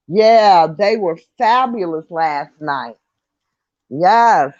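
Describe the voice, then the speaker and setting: Slow-talking older woman chatting. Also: medium pitch, expressive, dry recording, highs cut off. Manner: chatty, laughs often, swears lightly. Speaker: online radio talk host reading viewer comments. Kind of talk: casual chat.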